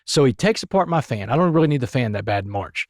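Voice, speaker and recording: Fast-talking man telling a story. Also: medium pitch, dry recording, studio quality. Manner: animated, emphatic storytelling. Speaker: podcast guest. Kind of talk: storytelling interview.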